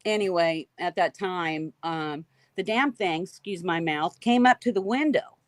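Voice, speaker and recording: A woman guest recounting a frightening encounter in an animated, emphatic way, repeating key phrases. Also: lowish voice, unhurried, no echo. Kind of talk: emotional storytelling.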